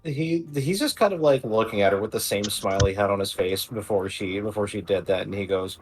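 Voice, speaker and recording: A man playing a tabletop game, describing his character's actions in a halting, filler-heavy way. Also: lowish voice, husky, faint music behind. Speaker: player.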